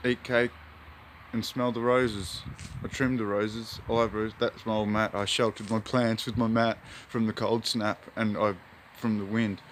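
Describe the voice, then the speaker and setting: A man's voice: lowish voice, flat delivery, a little slow, a little hiss or hum. An Australian man, a hobby gardener, rambling in a laid-back, spiritual way while filming in his backyard garden on a phone. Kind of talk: rambling outdoor vlog.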